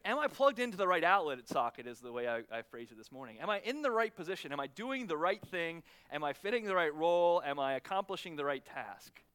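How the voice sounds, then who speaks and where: Animated high-voiced male preacher. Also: smooth. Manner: conversational, many restarts, repeated "right?"; lively, laughs with the congregation. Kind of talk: sermon.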